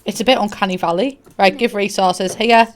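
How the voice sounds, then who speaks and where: A woman's voice: medium pitch, fairly even intonation, brisk. Young woman, Teesside accent, casual gaming commentary, cheeky and sweary, chats straight to viewers. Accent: Teesside English. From Middlesbrough, England. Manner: chatty, cheeky, swears freely, talks to viewers. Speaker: gaming YouTuber. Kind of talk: casual let's-play commentary.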